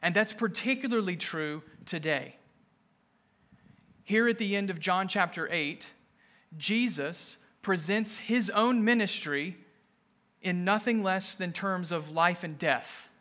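A male pastor preaching an emphatic sermon to his congregation, repeating key phrases and rising to forceful peaks. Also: high voice, measured pace, pauses often. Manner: emphatic, building to raised intensity.

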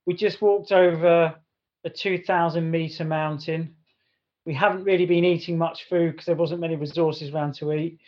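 Guy rambling thru a story, slightly higher voice, kinda muffled lo-fi audio. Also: fairly even intonation, moderate pace. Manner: rambling, full of restarts and repeats. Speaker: podcast co-host. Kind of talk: casual storytelling. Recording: dull lo-fi sound.

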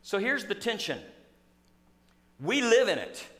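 A man preaching a sermon in a church, telling a story in an animated, acting-out way. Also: high-pitched, measured pace. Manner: storytelling, animated, acts out scenes. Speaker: pastor. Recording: echoey church hall.

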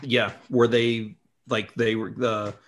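Casting note: low-pitched male guest, rambling, casual explainer. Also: level tone, slow. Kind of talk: casual chat.

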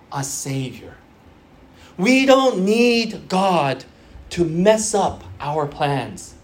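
A slightly mellow, medium-pitched voice belongs to a Korean-background preacher addressing young members of a church. His sermon is earnest, full of repeated phrases, frequent restarts and filler words.

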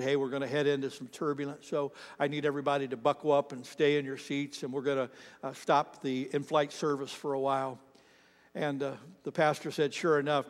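A man preaching a sermon as pastor, telling stories with animated emphasis that rises to shouts at the peaks. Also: on the high side, big-room sound. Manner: animated storytelling, rising to shouts at climaxes.

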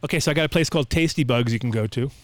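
A man's voice: mid-range voice, racing. A man hosting a podcast in casual chat, brash and playful, rattling off lists and teasing his co-hosts. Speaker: podcast host.

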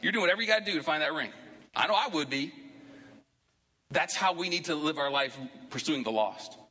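A man's voice: fairly high pitch, lively intonation, fairly quick, pushed and bright, big-room sound. A man preaching a sermon to his church as pastor, talking conversationally and rising into emphatic bursts. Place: church sanctuary.

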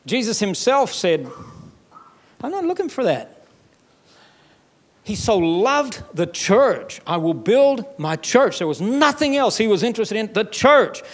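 A man preaching a sermon in an emphatic, folksy way, with a Southern US accent, his voice climbing into loud passages. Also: high voice, big pitch swings, a little slow, hardly any pauses. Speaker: pastor.

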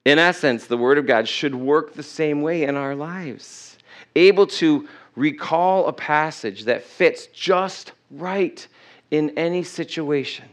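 A man's voice: a little high, slow pace. A middle-aged man preaching to his congregation, reading scripture aloud and putting questions to the people. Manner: reads scripture aloud with self-corrections. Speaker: pastor. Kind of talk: sermon. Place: church.

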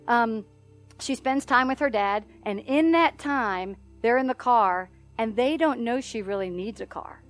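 A middle-aged woman minister telling a story in a sermon, animated and often laughing as she acts out the voices in it. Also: on the high side, measured pace, faint music behind.

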